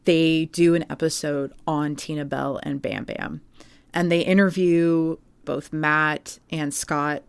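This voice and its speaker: Low-voiced woman chatting on a podcast. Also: fairly even intonation, slow, gravelly, clear, resonant tone, dry recording. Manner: chatty storytelling with many fillers. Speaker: podcast co-host. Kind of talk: casual podcast chat.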